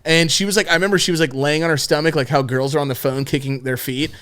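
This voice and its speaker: A man's voice: fairly high pitch, fairly even intonation, quick pace, fairly bright tone. A young man hosting a podcast, telling a crude story in a casual, rambling way with lots of swearing and fillers. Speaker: podcast host.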